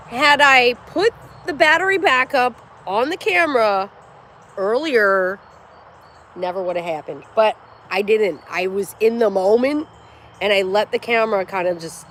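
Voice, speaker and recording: She speaks at a medium pitch, with a bit of hiss or hum behind her. In her forties, this livestream host chats casually, curses bluntly and tells stories with lots of animation.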